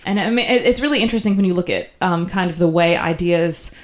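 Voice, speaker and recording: A woman's voice: on the low side, quick pace. A young woman with a faded Southern US accent, chatting as a guest journalist in a podcast interview, full of ums and restarts. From Southern United States.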